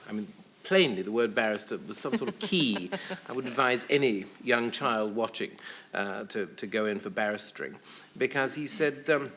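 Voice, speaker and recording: A man, a guest on a television talk show, spins wry stories and stumbles through fillers and restarts. His pitch sits in the middle range. A faint hiss runs under the studio recording. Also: expressive, normal speed, pushed and bright. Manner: hesitant, wry storyteller with many ums. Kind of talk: anecdotal chat show interview.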